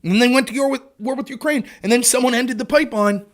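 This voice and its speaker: A man's voice: extremely high pitch, fast. A man hosting a casual political commentary livestream, sarcastic and exasperated, mocking his opponents in put-on voices and swearing freely.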